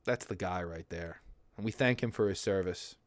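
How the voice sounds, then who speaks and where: A man's voice: deep voice, moderate pace, no echo. A young man hosting his own livestream, chatting casually and rambling from topic to topic. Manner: rambling, chatty, laughs easily. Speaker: livestream host. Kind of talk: casual chat.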